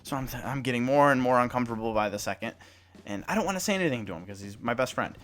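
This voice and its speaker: A man's voice: mid-range voice, lively intonation, rapid-fire, fairly bright tone. A young man hosting a sports report, telling an awkward story in a rambling, self-conscious way with many restarts, then reading the news.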